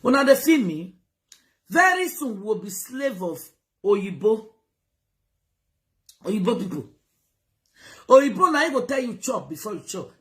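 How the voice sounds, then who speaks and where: Animated woman with a Nigerian Pidgin accent. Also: medium pitch. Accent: Nigerian Pidgin English. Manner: animated, lecturing and exhorting, switching between Pidgin and English. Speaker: vlogger giving advice. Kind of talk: casual live-stream talk. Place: United Kingdom.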